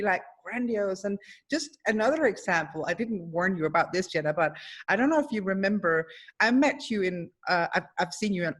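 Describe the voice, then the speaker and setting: Effusive woman hosting a webinar chat. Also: medium pitch. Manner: warm, effusive, many fillers and restarts. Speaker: host, psychologist. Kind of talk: casual webinar conversation.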